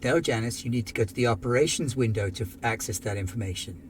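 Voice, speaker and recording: A man voicing a gruff, put-upon middle-aged male mining security chief who swears freely. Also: medium pitch, quick pace, a little hiss or hum, natural voice. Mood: impatient.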